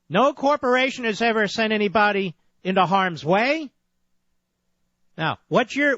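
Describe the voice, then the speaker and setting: A male talk radio host with a high voice who lectures and keeps interrupting. The sound is dull and lo-fi, and the booth is dry and close. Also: fairly bright tone, no room sound. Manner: lecturing, insistent, cuts the caller off. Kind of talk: combative call-in radio debate.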